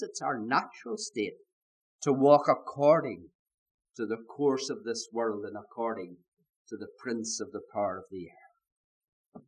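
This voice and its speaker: A man preaching a sermon at a church service, fervent, stretching out words for emphasis and rising to loud shouts, with strings of rhetorical questions. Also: mid-range voice, expressive, unhurried, husky.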